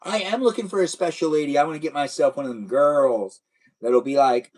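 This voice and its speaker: A man's voice: fairly high pitch, brisk, a little mellow, rough recording. Playful man chatting on a live stream. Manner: chatty, playful, reads and answers chat. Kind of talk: casual live stream chat with viewers.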